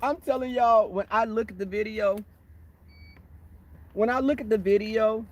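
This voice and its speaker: A man with a notably high voice chats loosely on a phone livestream, talking straight to his viewers. He tells animated, rambling stories and laughs often along the way. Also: normal speed. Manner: animated storytelling, laughs often, talks to the chat. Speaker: livestream host. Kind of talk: casual livestream chat. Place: waiting for a shuttle, outdoors or in transit.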